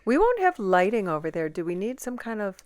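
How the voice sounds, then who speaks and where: A woman co-hosting a casual podcast from a home basement studio, chatting in relaxed, playful banter. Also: mid-range voice, fairly quick. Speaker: podcast co-host. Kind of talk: casual chat.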